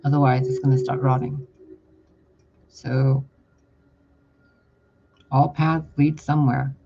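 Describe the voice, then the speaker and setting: Guy with a raspy fry voice rambling through a spiritual message, kinda blunt, muffled lo-fi audio. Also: medium pitch, little pitch movement, slow. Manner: rambling, blunt, swears casually. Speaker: spiritual reader. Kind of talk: casual channeled spiritual message. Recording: dull lo-fi audio with loud background noise.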